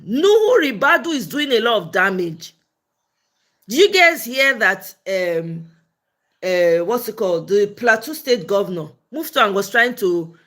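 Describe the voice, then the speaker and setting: A Nigerian woman with a Pidgin-flecked accent runs a casual political livestream. She talks blunt and scolding, with a bright, forceful edge to her voice, and she sits a touch high in pitch. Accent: Nigerian, mixing Pidgin. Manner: blunt and scolding, switching between English and Pidgin. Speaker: political commentary livestream host. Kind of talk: casual live-stream commentary, reading and answering viewer comments.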